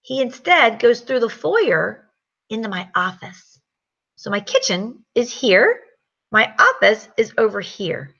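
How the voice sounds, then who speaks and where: Animated middle-aged lady telling a story, bright voice with a little fry, kinda dull lo-fi sound. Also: on the high side, takes it slowly. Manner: animated storyteller, acts out quotes. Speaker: sales leader giving a motivational talk. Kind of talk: personal story and pep talk.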